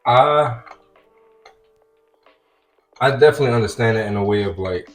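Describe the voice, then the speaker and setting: A man's voice: mid-range voice, moderate pace, faint music behind. A young man in casual chat, talking an idea through in a thoughtful, hedging way. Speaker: podcast co-host.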